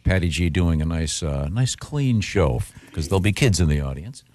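Low-voiced male radio host. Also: expressive, a little mellow. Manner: halting, restarts, laughs easily. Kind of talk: casual morning show banter.

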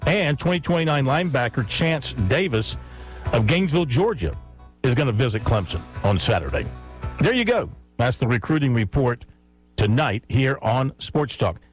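A man hosting a sports talk radio show, chatting and briskly reading recruiting notes. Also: mid-range voice, animated, soft background music.

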